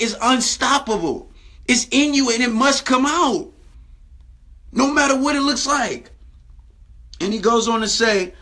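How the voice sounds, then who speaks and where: A man preaching a Bible lesson to camera in his daily video, stressing scripture lines slowly and checking in with "right?". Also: high voice, sharp tone. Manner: emphatic, repeats phrases and asks "right?".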